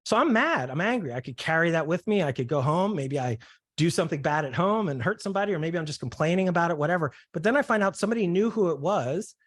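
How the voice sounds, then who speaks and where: Man, slightly higher voice, relaxed guest speaker, chatty and conversational, keeps asking "right?". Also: quick pace, no echo, clean studio sound. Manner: casual, uses "right?" and "like" often, acts out quoted voices. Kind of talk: conversational talk.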